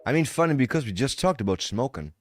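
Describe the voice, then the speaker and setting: Lively, profane male streamer. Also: mid-range voice, fast talker, music in the background. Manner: animated, profane, joking. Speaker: livestreamer. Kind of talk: live commentary reacting to videos.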